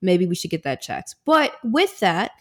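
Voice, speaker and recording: A woman's voice: on the low side, very animated, a little slow. A woman hosting a podcast, talking in chatty, casual runs full of "like" and "you know". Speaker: podcast host.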